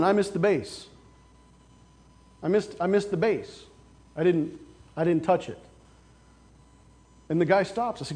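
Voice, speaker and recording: A male pastor preaching a sermon, with casual stories and sudden loud, emphatic outbursts. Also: high voice, moderate pace, pauses often.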